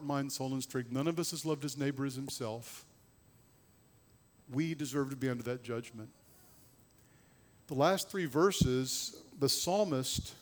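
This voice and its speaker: A man preaching a sermon, swinging between loud emphasis and low, hushed passages. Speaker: pastor.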